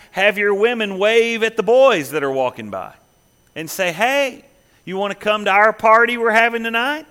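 A preacher putting on a sly, scheming false prophet. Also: male voice, pushed and bright. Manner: folksy, wheedling sales pitch.

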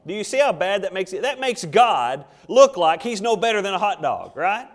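Man preaching a sermon, high voice, jokey storytelling, acted asides, long hall echo, church sanctuary. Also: sing-song, normal speed. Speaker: pastor.

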